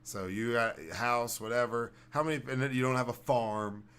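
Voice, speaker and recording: A man's voice: mid-range voice, normal speed, a bit bright, clean tone. A man hosting a casual podcast, telling rambling stories full of swearing. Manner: rambling, profane, storytelling. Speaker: podcast host.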